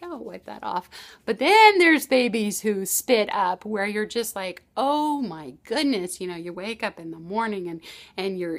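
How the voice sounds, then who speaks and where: A woman's voice: mid-range voice, a bit bright. Chatty mother telling a parenting story. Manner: chatty storytelling with frequent restarts and laughs. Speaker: parenting advice presenter. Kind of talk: casual advice talk to camera.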